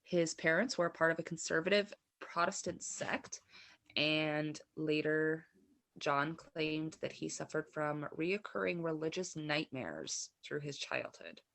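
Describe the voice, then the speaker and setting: A woman co-hosting a comedy podcast, her voice low and gravelly with vocal fry. She tells a story casually, in a loose conversational way, laughing often between lines. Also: a little slow, a bit bright. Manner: laughs often, narrates true crime casually. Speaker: podcast co-host.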